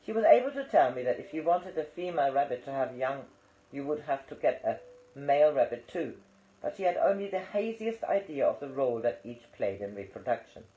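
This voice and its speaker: A man reading an audiobook aloud in a calm, measured way. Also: medium pitch. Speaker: audiobook reader. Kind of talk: audiobook narration. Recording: roomy, slightly dull recording.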